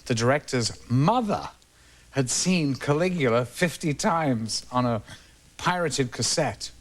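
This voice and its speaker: A man, a talk show guest telling lively anecdotes and trailing off between phrases. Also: mid-range voice, unhurried. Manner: animated, trails off, acts out the people he quotes. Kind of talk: anecdotal storytelling.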